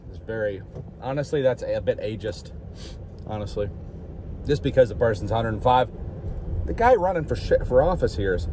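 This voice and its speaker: Outdoors beside a street, a man rambles through a jokey vlog, slipping into silly voices now and then. His pitch is medium, and there's a faint hiss or hum on the recording.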